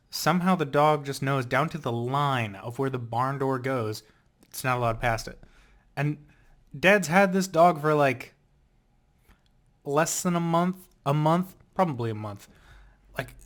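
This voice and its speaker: A young man casually rambling in a vlog, telling animated stories full of fillers and laughter. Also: on the high side. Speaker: vlogger.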